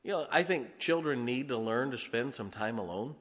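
A man in his forties preaching a folksy, humorous sermon, swinging between loud emphasis and soft asides. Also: mid-range voice, lively intonation, moderate pace. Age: 40s. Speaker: pastor.

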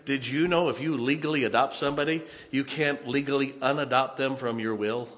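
A man's voice: mid-range voice, fairly even intonation, fairly quick. Fervent preacher man in a reverberant hall. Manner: fervent, emphatic repetitions, big swings from quiet to loud. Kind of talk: sermon.

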